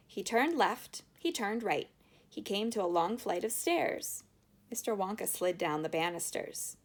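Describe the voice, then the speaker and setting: Woman reading a children's book aloud, expressive, with animated intonation. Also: medium pitch, unhurried. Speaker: audiobook reader. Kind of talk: storybook narration.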